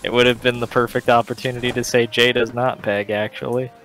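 A man chatting with friends during a game at a middle pitch, dropping dry deadpan jokes. Faint music plays under his voice. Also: brisk. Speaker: gamer. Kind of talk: casual chat while gaming.

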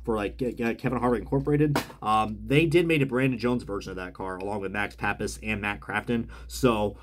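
A man's voice: lowish voice, brisk, slight background noise. A man casually reviewing die-cast cars as he unboxes them, chatty and rambling, often correcting himself mid-sentence.

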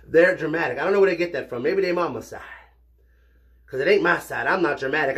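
A man talking casually to his viewers as cousins, playful and animated, his voice still a little hoarse from recent illness. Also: on the high side, fast talker. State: slightly hoarse, recovering from illness. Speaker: vlogger. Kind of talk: casual direct-to-camera chat.

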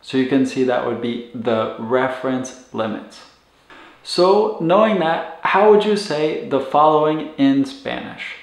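Slow, patient male language teacher. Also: medium pitch, vocal fry. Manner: patient, slow, repeats words for pronunciation. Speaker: medical Spanish teacher. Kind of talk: instructional explanation. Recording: roomy echo.

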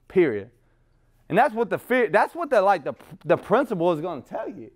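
A man's voice: high-pitched, big pitch swings, a little fast. A middle-aged man speaking at a recovery meeting, rambling and blunt, swearing freely and laughing at himself. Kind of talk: profane, blunt recovery talk.

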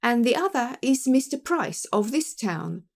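A woman reading an audiobook, voicing a glib young male clerk who talks briskly and smoothly. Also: fairly high pitch, big pitch swings, darkish tone, exaggerated voice. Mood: eager.

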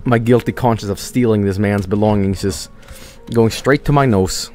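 A man's voice: fairly low pitch, moderate pace, a little mellow, soft background music. A man streaming a game, joking around casually and slipping into silly voices. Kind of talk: casual gameplay commentary.

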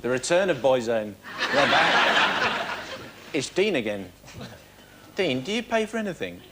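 An English man hosts a TV game show, quizzing guests in a playful, mock-stern manner before a live studio audience. His medium-pitched voice swings widely in pitch at a measured pace, amid loud crowd noise.

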